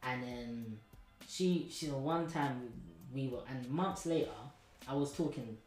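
A man's voice: mid-range voice, slow pace, darkish tone, echoey room, faint music behind, rough recording. A man, hosting a podcast and telling a candid story, rambling with lots of slang and restarts.

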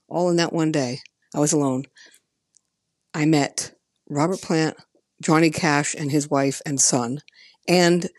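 A woman's voice: low voice, no room sound, studio quality. A woman podcast host telling a casual, emphatic personal story in a chatty way. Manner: chatty, emphatic, animated quoting of others.

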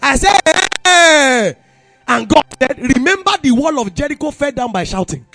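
High, gravelly Nigerian preacher. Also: male voice, lively intonation, a little fast, dry recording, soft background music. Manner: impassioned, bursts into shouted exclamations. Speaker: youth preacher. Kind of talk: sermon.

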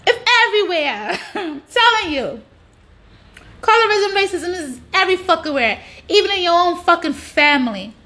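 A woman's voice: very high-pitched, sing-song, moderate pace, sharp tone. A woman delivering a blunt, profane ranting monologue, hammering points with repetition. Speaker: social media commentator.

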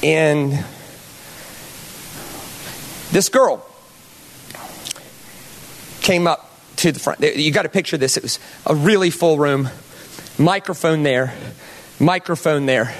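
A man's voice: a little high, takes it slowly, long pauses, a little hiss or hum. A male pastor telling a story in a sermon, talking conversationally and putting questions to the audience.

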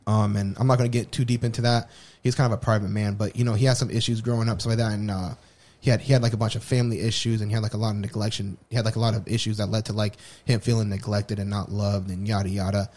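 A man's voice: fairly low pitch, little pitch movement, fast, a little mellow. A man co-hosting a podcast, telling a personal story in a candid, rambling way full of restarts. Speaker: podcast co-host. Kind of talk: casual personal chat.

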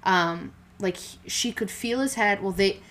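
A woman's voice: mid-range voice, unhurried, fairly bright tone. A young woman chatting casually and candidly, rambling with fillers and restarts as she tells a personal story. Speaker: podcast co-host telling her birth story. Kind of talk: casual chat.

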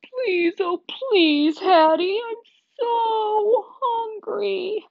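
A woman voicing an excitable young male dog who whimpers and pleads melodramatically. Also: on the high side, measured pace, gravelly. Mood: whining pleading. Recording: dull, dry recording.

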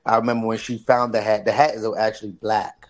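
Man co-host, blunt and terse, fairly low voice, casual chat. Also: little pitch movement, brisk. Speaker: podcast co-host.

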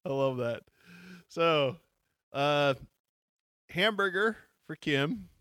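A man's voice: a little high, lively intonation, drawn-out words, sharp tone, smooth, dry recording, clean studio sound. Playful laughing male podcast host. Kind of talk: reading a gamebook aloud with banter.

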